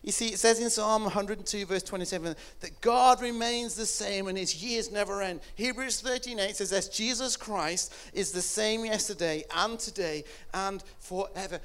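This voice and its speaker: A man with a high voice preaches an Easter sermon. He drops to near-whispers, then rises to fervent, near-shouted lines. His delivery is earnest and emotional throughout. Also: moderate pace, hardly any pauses, smooth. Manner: impassioned, swings from hushed to loud.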